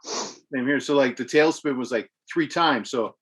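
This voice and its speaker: A man's voice: medium pitch, a little slow, fairly bright tone. A man co-hosting a podcast, casually recounting game battles step by step and swearing freely. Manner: rambling play-by-play, profane. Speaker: podcast co-host. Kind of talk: casual gaming chat.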